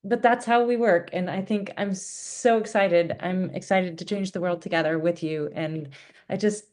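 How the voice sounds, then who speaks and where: A woman's voice: on the low side, fairly even intonation, normal speed, a little mellow. A woman speaking up in an online town hall over a video call, earnest and effusive, with many fillers. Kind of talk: casual live video-call talk.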